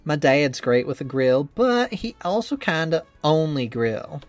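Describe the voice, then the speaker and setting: A man's voice: on the high side, big pitch swings, a little slow, no echo, soft background music. A man voicing a cheerful young woman trainer who is anxious about her cooking, reading a visual novel game in an earnest, rambling, self-doubting way.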